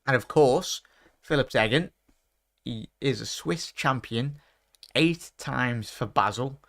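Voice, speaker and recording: A man's voice: medium pitch, slow, vocal fry, a bit bright. A man hosting a casual live-stream quiz, chatty and rambling, often stopping to correct himself. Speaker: quiz host.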